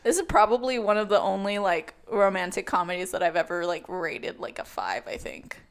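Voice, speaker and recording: A woman's voice: mid-range voice, a little fast, creaky. A young woman co-hosting a film podcast who chats casually and keeps dropping "like" into her sentences. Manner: chatty, lots of "like" fillers. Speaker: podcast co-host. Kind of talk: casual chat.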